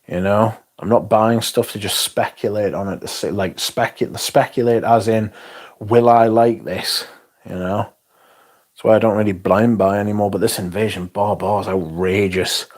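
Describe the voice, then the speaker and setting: A man's voice: on the low side, fairly even intonation, normal speed, darkish tone. A man from England, chatting casually on a livestream, reading out comments with blunt, sweary, dry humour. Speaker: livestream host reviewing fragrances.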